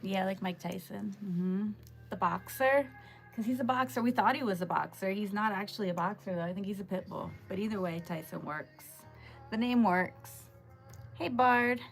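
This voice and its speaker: A woman chats casually on a home livestream, greeting viewers by name. She sounds tired from just waking up, and her voice has a gravelly edge. Quiet music plays faintly behind her. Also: medium pitch, normal speed. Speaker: livestream host. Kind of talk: casual live chat with viewers.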